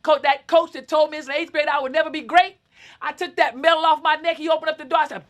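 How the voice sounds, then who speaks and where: A woman in her fifties giving a motivational talk, telling a personal story in a lively, dramatic way and acting out scenes with sudden shouts. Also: high-pitched, quick pace. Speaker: motivational speaker.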